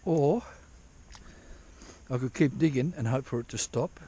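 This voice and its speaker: In a mellow, medium-pitched voice at a measured pace, a man vlogs while digging for gold outdoors in drizzle, with a little hiss or hum behind him. His commentary is casual and meandering, peppered with swearing and restarts.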